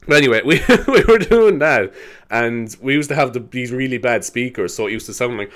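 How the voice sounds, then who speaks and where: A man's voice: mid-range voice, lively intonation, brisk, fairly bright tone. An Irish man hosting a casual solo podcast, rambling and laughing as he tells stories. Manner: rambling, laughing, slipping into silly voices. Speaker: podcast host.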